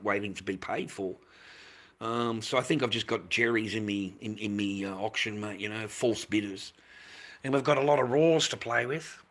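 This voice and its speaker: An Australian man in middle age chats on his livestream in a bright, forward voice. He rambles, repeats his points, and drops in mate and the odd swear word. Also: mid-range voice. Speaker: livestreamer selling handmade masks. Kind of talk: casual livestream chat.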